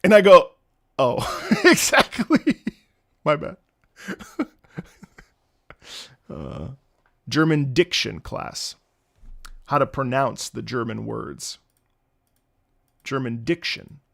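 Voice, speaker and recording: Young guy streaming and telling funny stories, voice all over the place, kinda gravelly, laughs a ton. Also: medium pitch, no room sound, clean studio sound. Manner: animated, laughs often, acts out quoted voices. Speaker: streamer reacting to game music. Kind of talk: casual storytelling on a livestream.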